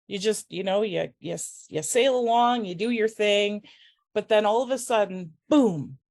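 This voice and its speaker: In a conference room, a female faculty member gives a personal, emotional talk, her medium-pitched voice a little mellow. She halts often, restarting again and again, and sounds close to tears.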